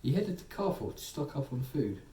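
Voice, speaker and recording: A man narrating a soothing bedtime story, gently voicing its characters. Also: mid-range voice, very animated, brisk. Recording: echoey room, distant mic, faint ambience.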